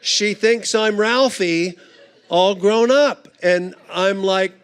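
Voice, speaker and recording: Slow, smooth-voiced male storyteller. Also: high voice. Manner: unhurried anecdotal delivery with frequent "uh" fillers. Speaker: guest conference speaker. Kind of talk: humorous storytelling talk. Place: church conference stage.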